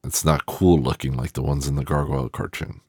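Very deep-voiced man rambling about films. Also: brisk, darkish tone, breathy edge, no echo, studio quality. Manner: rambling and profane, with many fillers and restarts. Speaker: film reviewer. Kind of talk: casual film commentary.

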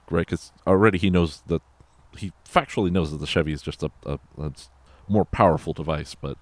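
A man's voice: low voice, a little fast, hardly any pauses, dry recording. A man casually recapping a movie in a loose, rambling and profane way, full of fillers and asides. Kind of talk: casual film recap chat.

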